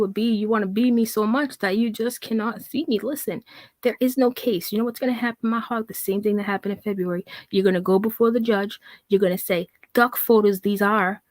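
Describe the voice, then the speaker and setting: Woman, higher voice, sarcastic commentary rant, mocking and profane, dry close recording. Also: darkish tone, dry recording. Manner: mocking, profane, reads comments aloud in a scornful tone. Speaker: commentary vlogger.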